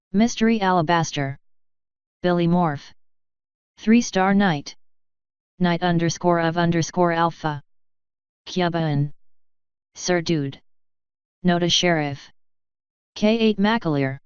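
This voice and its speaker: A woman reading a long list of supporter names for a fanfiction reading channel, in a slow, even way. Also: on the low side, clean tone, no room sound, lo-fi sound. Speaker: fanfiction reader.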